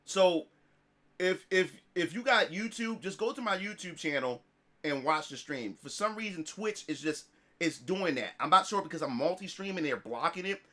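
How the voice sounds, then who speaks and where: A man telling a story to his livestream audience in a casual, animated way, swearing often and restarting his sentences. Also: sits high, moderate pace. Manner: animated, profane, full of restarts. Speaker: streamer.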